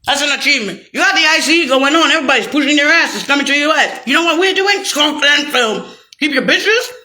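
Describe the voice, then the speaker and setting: A woman delivering a bitter, profane, rambling rant straight to camera, swinging between shouting and low muttering. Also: animated, fast talker.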